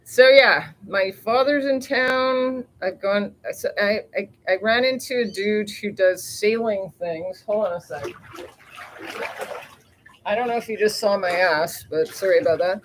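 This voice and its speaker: A woman's voice: medium pitch, measured pace, rough recording. A woman hosting a rambling casual live chat outdoors near the ocean on a phone, talkative, laughing often and swearing lightly. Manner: chatty and rambling, mild swearing, frequent laughs. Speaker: live-stream host.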